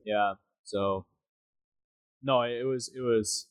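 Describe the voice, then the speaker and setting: Brief: casual male podcast co-host, rambling and playful, average pitch, dry sound. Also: steady tone, takes it slowly, no echo. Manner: rambling, jokey, doing silly voices. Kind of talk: casual chat.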